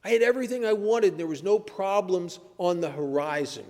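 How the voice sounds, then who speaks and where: A puzzled, well-off man lists everything he had, still at a loss, voiced by a man in his own fairly high register. The words ring out in a long, echoing hall. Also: a little fast, a little mellow, natural voice. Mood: baffled. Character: baffled relapsed man, prosperous and puzzled. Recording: echoey hall.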